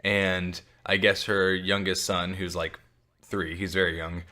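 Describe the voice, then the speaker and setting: Low-ish guy podcasting from home, jokey and self-mocking, swears a lot. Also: little pitch movement, unhurried, pushed and bright. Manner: joking, self-deprecating, swears casually. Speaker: podcast co-host. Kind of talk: casual podcast chat. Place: home, dog on the couch beside him.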